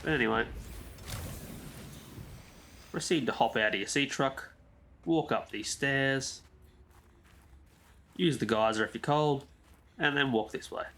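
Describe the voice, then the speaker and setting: A man's voice: medium pitch, a little slow, pauses often, a bit bright. A man giving a casual, chatty game walkthrough as a gaming YouTuber, drifting into side comments. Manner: easygoing, chatty, rambles into asides.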